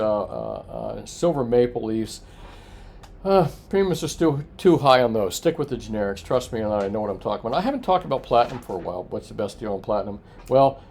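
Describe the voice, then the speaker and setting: A man's voice: fairly low pitch, vocal fry, a little mellow, slight background noise. Chatty man rambling through a coin report. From Florida. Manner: chatty, rambling, full of filler "uh"s, answers viewer comments. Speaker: coin shop owner hosting a price report. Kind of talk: casual evening livestream chat.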